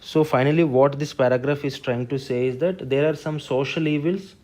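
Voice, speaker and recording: A man with an Indian English accent teaching a lesson, talking through a student's exam answer in a measured, explanatory way with fillers and restarts. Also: medium pitch, steady tone, darkish tone. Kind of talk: spoken lesson on answer writing.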